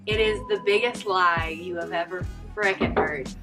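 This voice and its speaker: A woman's voice: lowish voice, steady tone, normal speed. Sarcastic young woman co-host. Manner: sarcastic, teasing. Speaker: podcast co-host, bartender. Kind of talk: casual chat. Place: outdoors. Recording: background music. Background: music.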